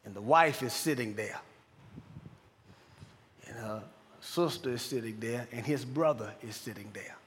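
A man preaching a sermon, telling a quiet story from his hospital chaplain work and building to loud, fervent preaching. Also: medium pitch, unhurried, long pauses, slight background noise. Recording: long reverb of a large hall.

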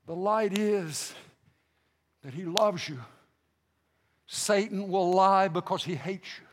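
A male pastor preaching a sermon with passion, repeating phrases and restarting himself, swinging between loud outbursts and hushed lines. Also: high voice, slow pace, pauses often, long reverb tail.

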